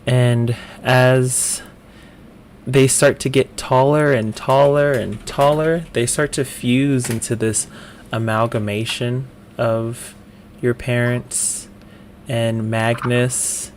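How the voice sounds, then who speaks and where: A man running a tabletop game as dungeon master, narrating in a halting way with frequent ums. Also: mid-range voice, flat delivery, slight background noise.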